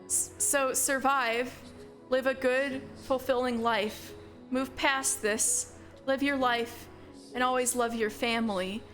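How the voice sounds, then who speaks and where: A woman voicing a gentle, self-sacrificing young man in a soft, measured, tender voice. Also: high voice, fairly even intonation, soft background music. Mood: urging.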